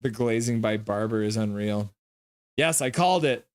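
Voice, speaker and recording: A man streaming live reactions to a hockey game, calling plays in quick clipped bits between offhand chat remarks. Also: on the low side, clean tone, no echo. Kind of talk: casual live play-by-play commentary.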